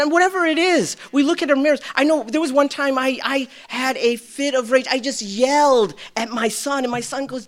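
A middle-aged man preaching a sermon, swinging between loud bursts and hushed lines, with self-deprecating humor. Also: very high-pitched, brisk, hardly any pauses. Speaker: pastor.

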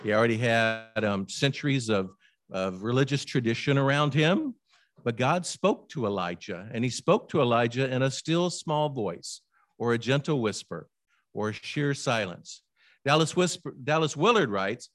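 A man preaching a sermon in a conversational, animated way, sometimes dropping to a near hush and asking listeners direct questions. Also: medium pitch, normal speed, no room sound, clean studio sound. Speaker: pastor.

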